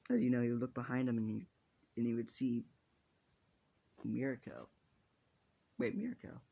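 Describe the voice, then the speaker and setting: A man's voice: mid-range voice, lively intonation, fast, creaky, dark tone, lo-fi sound. A man narrating an improvised fan story in a rambling, casual way, with many restarts and casual swearing.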